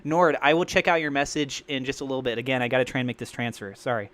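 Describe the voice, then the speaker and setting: A man hosting a crypto livestream, rambling and thinking out loud in an excitable way. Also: mid-range voice, quick pace. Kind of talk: live-streamed crypto commentary.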